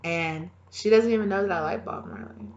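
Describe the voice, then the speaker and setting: A woman's voice: medium pitch, a little fast, darkish tone, highs cut off. A woman giving a casual tarot reading to her viewers. She talks chattily, swears freely and laughs at herself. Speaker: tarot reader.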